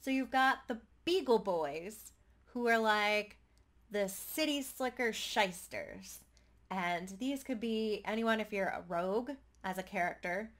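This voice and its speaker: A woman in her thirties talking to camera in an upbeat, chatty way, giving tabletop gaming tips in quick bursts. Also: medium pitch, fairly bright tone. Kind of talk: casual talk to camera.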